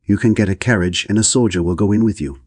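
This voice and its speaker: A man's voice: fairly low pitch, fast, a little mellow, dry recording, studio quality, lightly acted. A man reading a stiff, formal border officer.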